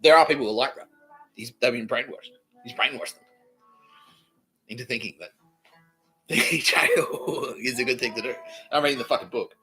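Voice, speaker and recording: In this solo podcast episode, the Australian host goes on a profane, repetitive ramble at a normal pace, pausing often. His medium-pitched voice has a sharp tone and a breathy edge, with faint music behind it and low-quality recording.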